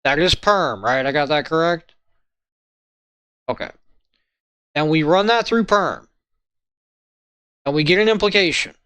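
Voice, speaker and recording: A man walking viewers through a logic lesson in a halting way, often checking in with "right?" and "okay?". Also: fairly high pitch, expressive, sharp tone, smooth, no echo. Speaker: logic tutor. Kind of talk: informal lesson walkthrough.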